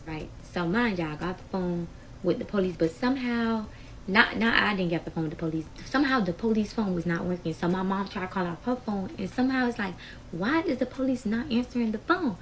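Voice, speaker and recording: A woman's voice: medium pitch, fairly quick, fairly bright tone, slight background noise, low-quality recording. Heated young woman telling a storytime. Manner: chatty, addresses viewers as y'all; emotional, heated retelling. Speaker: storytime vlogger. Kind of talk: casual storytime.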